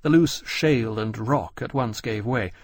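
A man narrating an audiobook in a measured, descriptive storytelling manner. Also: medium pitch, husky. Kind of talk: scripted narration.

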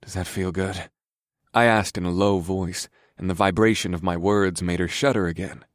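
A man narrating a story in the first person in a calm, steady, soft-spoken way. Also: low voice, normal speed, no room sound, studio quality.

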